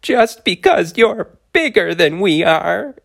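A man's voice: high voice, animated, takes it slowly, creaky, pitched above the performer's own voice, exaggerated voice. A man with a cold voicing a tiny, furious male sea turtle in evening clothes who shrieks with indignation. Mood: outraged. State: has a cold.

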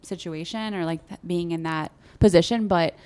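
A woman's voice: on the low side, normal speed, darkish tone, clear, resonant tone. A young woman co-hosting a podcast, chatting casually in an effusive, giggly way. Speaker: podcast co-host. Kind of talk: casual chat.

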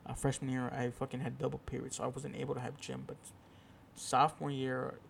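A man's voice: medium pitch, flat delivery, brisk, gravelly, a little hiss or hum. A young man hosting his own podcast, telling a rambling, profane, self-deprecating story in a casual solo chat. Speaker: podcast host.

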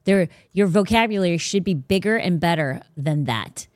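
A woman's voice: lowish voice, expressive, moderate pace, dry recording. Emphatic woman host, casual faith talk, dry close sound. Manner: blunt, emphatic, preachy. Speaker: podcast host.

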